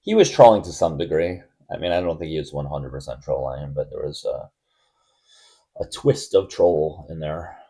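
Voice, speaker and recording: A man hosting a live stream debate, blunt and testy, quick to cut callers off. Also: a bass voice, expressive, dark tone, slightly rough.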